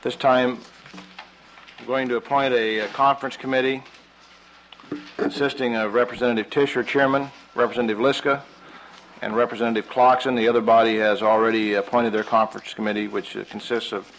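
A man's voice: medium pitch, level tone, fairly bright tone, slight background noise, low-quality recording. Hesitant man chairing a legislature. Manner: measured and procedural, with frequent hesitations. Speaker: presiding speaker of a state house. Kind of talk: parliamentary chairing. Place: legislative chamber.

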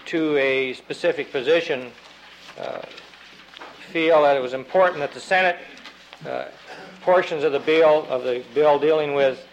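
Brief: male representative, halting floor speech, muffled lo-fi sound with faint hiss. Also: fairly high pitch. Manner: halting and deliberate, many fillers and restarts. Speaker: state representative. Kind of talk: floor debate. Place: legislative chamber.

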